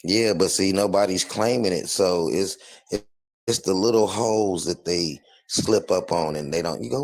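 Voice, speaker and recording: A man's voice: deep voice, normal speed. A man hosting a casual group chat, joking around and laughing often.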